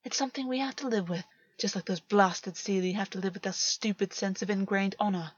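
Woman doing a taunting fae man, soft and crooning, dull dry audio. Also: medium pitch, fairly quick, husky, dry recording, close to an everyday voice. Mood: crooning menace.

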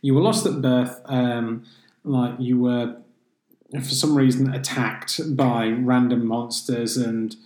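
A man co-hosts a casual chat at an average pitch. He swears freely and drops into mimicked voices as he retells a story. The room gives his voice a roomy echo. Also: steady tone, slow pace, a little mellow. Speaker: podcast co-host.

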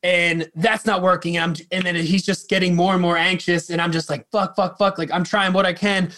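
A man's voice: sits high, flat delivery, a little fast, pushed and bright. A man working as a drum tech, telling a story in a casual, rambling way, full of fillers and swearing.

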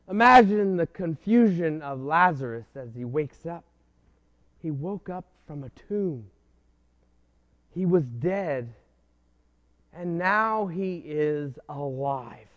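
A man preaches slowly and earnestly, with a voice sitting a little high for a man. He leaves long pauses and keeps turning to the listener with questions. The recording sounds muffled and lo-fi. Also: lively intonation. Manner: earnest, pausing, rhetorical questions. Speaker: pastor. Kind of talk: sermon. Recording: dull lo-fi recording.

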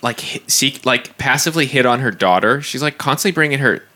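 A young man co-hosting a podcast, telling stories in a joking, animated way. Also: mid-range voice, fairly quick. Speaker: podcast co-host. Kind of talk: casual chat.

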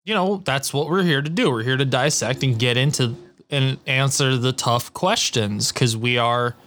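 A man co-hosting a podcast in casual, joking chat, animated and profane. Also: medium pitch, normal speed. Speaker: podcast co-host.

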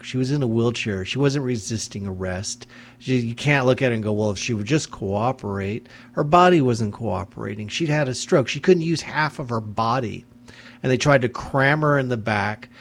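Male radio host, mid-pitched, ranting angrily on a studio mic, faint noise underneath. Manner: angry, indignant, ranting. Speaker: radio talk show host. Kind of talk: impassioned radio monologue.

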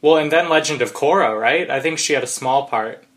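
A man's voice: mid-range voice, a little fast, fairly bright tone. Eager man chatting on a podcast. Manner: eager, stumbles over words. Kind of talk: casual podcast chat.

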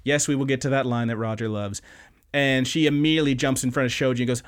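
A man hosting a podcast, casually recapping anime episodes with animated, profane storytelling. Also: mid-range voice, quick pace. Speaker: podcast host.

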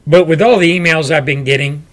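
Loud, ranting man host. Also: a little high, a little fast. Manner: loud, forceful, ranting delivery. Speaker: show host. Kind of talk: political commentary monologue.

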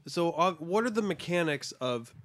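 A man's voice: fairly high pitch, animated, normal speed, a bit bright, no echo. A man co-hosting a podcast, chatting casually about a film and pressing the others with questions. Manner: inquisitive, pushes with questions. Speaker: podcast co-host. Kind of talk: casual movie review chat.

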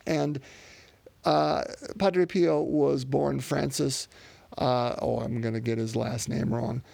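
A man's voice: mid-range voice, fairly even intonation, slow, vocal fry, a little mellow, no echo. A man preaching a sermon off the cuff, with plenty of fillers and restarts. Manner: unscripted, many fillers and restarts.

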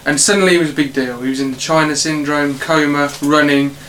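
A man hosting a casual film podcast, reading out facts in a halting way with many fillers. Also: a little high, steady tone, fairly bright tone, a little hiss or hum, poor audio. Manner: halting, filler-heavy delivery. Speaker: podcast host.

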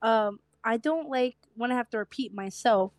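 A young woman co-hosts a casual podcast with a slight stutter and a lisp. Her voice sits a little high, and she talks in a chatty way, laughing often. The sound is dry and close. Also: dry recording. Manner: chatty, quick to laugh, repeats herself when tired. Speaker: podcast co-host. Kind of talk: casual chat.

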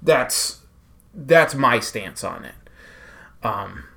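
A man co-hosting a sports podcast, giving firm opinions, agreeing quickly and steering the talk along. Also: mid-range voice, sing-song, vocal fry, bright, forceful tone. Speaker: podcast co-host. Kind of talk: casual sports chat.

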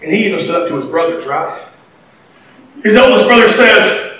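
Male preacher, high and forceful tone, lively storytelling with shouts, distant mic in a reverberant room. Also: brisk, pauses often. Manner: animated, folksy storytelling with sudden shouts. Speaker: pastor. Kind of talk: sermon. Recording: echoey hall, mic far off.

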